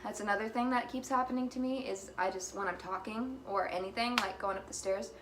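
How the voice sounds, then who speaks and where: A woman's voice: medium pitch, fairly even intonation, brisk, noisy background. A young woman rambling in a casual vlog, filling her talk with "like" and "you know", a little out of breath. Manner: chatty, many fillers like "like" and "you know". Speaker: vlogger.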